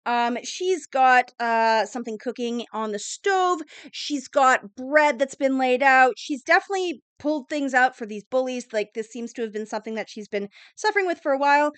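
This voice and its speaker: A woman's voice: sits high, normal speed, hardly any pauses, clear, resonant tone, no room sound. A woman narrating a fantasy tabletop game as game master, rambling with many fillers. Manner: rambling, filler-heavy, animated.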